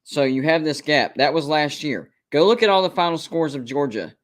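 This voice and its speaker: A college football show host runs a live stream, his voice on the high side and animated at a moderate pace. He talks casually but gets emphatic and repetitive while defending his predictions.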